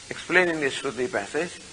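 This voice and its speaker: An older man teaching a scriptural study class, explaining slowly with many fillers and reciting Sanskrit. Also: a little high, sharp tone, a little hiss or hum, rough recording. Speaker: Vedanta teacher.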